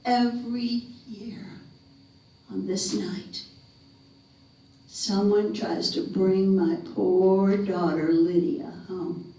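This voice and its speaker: A woman's voice: mid-range voice, steady tone, very slow, long pauses. Woman playing a frail weeping old mother. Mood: grieving, hushed. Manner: hushed, breathy, whispering. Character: very old grieving mother, small and tearful. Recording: echoey room, mic far off.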